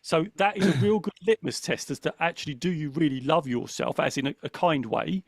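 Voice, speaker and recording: A man's voice: fairly high pitch, brisk, gravelly, no echo, studio quality. A man talking casually on a podcast panel, acting out the voice in his head as he tells stories. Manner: animated, acts out his inner voice. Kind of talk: casual conversation.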